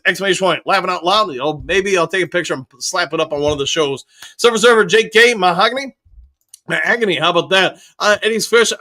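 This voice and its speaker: Guy hosting a live stream, reading chat out loud, upbeat and chatty, bright high voice. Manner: reads viewer comments aloud and answers them, upbeat, many fillers. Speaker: host of a live fan show reading chat.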